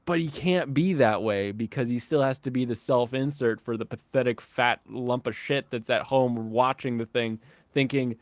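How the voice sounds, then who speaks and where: A male podcast host in a casual chat, ranting with animated sarcasm and mock voices. His voice sits at an ordinary pitch and sounds dry and close. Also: normal speed, no echo. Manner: animated, sardonic ranting, slips into mocking voices.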